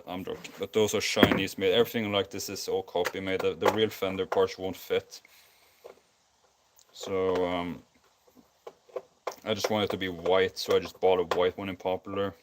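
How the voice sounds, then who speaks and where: Tired low-voiced Scandinavian man rambling. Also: noisy background. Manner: rambling, many ums and restarts. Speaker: streamer. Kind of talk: casual live build commentary. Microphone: basic non-professional mic.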